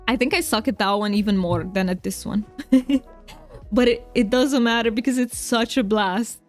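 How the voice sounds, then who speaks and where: A chatty woman with a Romanian accent she leans into on purpose, streaming a game and chatting with her viewers. Her voice sits a little high, and she talks to chat kindly and laughs often. Soft music plays faintly under her. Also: moderate pace. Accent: Romanian, played up for fun. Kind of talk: casual live-stream chat while gaming.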